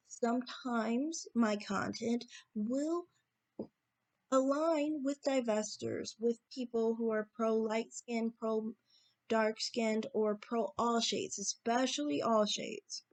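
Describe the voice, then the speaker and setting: Assertive woman with a slightly high voice. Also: a little mellow. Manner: assertive, repeats points for emphasis. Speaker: YouTube commentator. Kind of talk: opinion monologue to camera.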